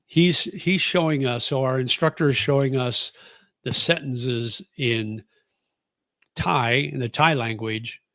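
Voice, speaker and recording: A man's voice: medium pitch, a bit bright, no echo. Easygoing man in his sixties, dry sound. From United States. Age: 60s. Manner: rambling and easygoing, with many fillers and restarts. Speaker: vlogger answering viewer comments. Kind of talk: casual chat.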